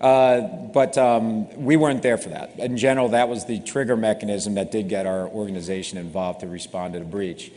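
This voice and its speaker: A man's voice: fairly low pitch, a little fast, few pauses. Middle-aged man, security founder, easy explanatory delivery, wry humor, recorded in a reverberant space. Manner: relaxed, explanatory, self-deprecating humor. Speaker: cybersecurity company founder. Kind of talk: interview answers.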